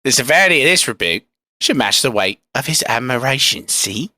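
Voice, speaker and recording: A man's voice: mid-range voice, expressive, fairly quick, pushed and bright, no room sound, studio quality. A man voicing a scheming, menacing Roman senator in a Cockney accent for a comedic audio drama. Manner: theatrical, with sudden outbursts.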